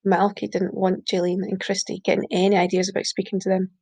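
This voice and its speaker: A woman's voice: medium pitch, brisk, breathy edge. Woman reading a story aloud. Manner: steady reading with small slips and self-corrections. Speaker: reader. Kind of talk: audiobook reading.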